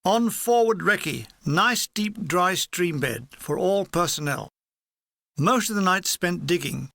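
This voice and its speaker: A man reading his own war memoir aloud in a dry, wry, deadpan manner. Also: high-pitched, vocal fry, dry recording. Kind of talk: audiobook reading.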